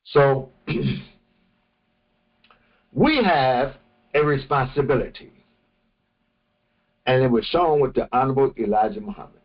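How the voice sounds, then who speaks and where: A man teaching a morning religious session, speaking slowly and deliberately and often restarting his phrases. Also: mid-range voice, lively intonation, highs cut off. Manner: slow, deliberate, with many restarts. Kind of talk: morning lecture.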